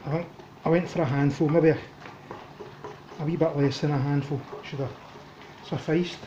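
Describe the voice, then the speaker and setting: A man with a Scottish accent chatting casually as he cooks in his home kitchen, thinking aloud in a relaxed way. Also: fairly high pitch, normal speed, echoey room, dull audio, slight background noise. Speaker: cooking vlogger. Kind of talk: casual cooking commentary.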